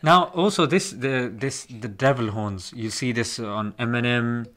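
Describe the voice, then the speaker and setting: A man, chatting on a podcast and explaining things with animated emphasis. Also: mid-range voice, unhurried. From England. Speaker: podcast guest. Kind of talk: casual podcast chat.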